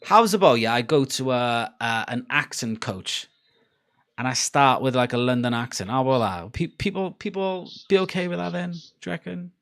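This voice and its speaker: A Welsh man from Cardiff, speaking in a Welsh accent, chats loosely to his live stream audience. He swears often, laughs between rants, and keeps an easy, middle-pitched voice. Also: lively intonation, normal speed, fairly bright tone. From Wales, Cardiff. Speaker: livestream host. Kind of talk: casual chat on a live football watchalong stream.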